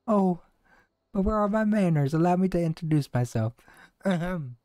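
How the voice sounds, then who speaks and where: Man voicing an earnest young female sleuth sidekick, theatrical, raised pitch, game cutscene reading. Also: animated, normal speed, warm tone, dry recording. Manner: dramatic, earnest storybook reading with stumbles.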